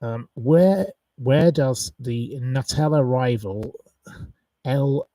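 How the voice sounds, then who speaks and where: A man's voice: medium pitch, extremely slow, dark tone, no echo, distant mic, poor audio. A man hosting a live quiz, chatting casually, rambling and reeling off long lists of wrong answers. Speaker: quiz host on a live stream.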